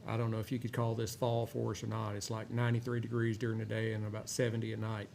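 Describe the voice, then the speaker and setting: A man from Texas with a drawl, hosting a cigar review show and chatting in a rambling, relaxed way with many filler words. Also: fairly low pitch, fast, gravelly. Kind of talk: casual chat while smoking a cigar. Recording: faint background noise.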